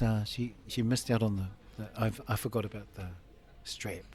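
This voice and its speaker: A man in his fifties from a Samoan family tells an emotional personal story as an interview guest, laughing often and acting out his relatives' voices. His voice is lowish and darkish, delivered flatly at normal speed with hardly any pauses.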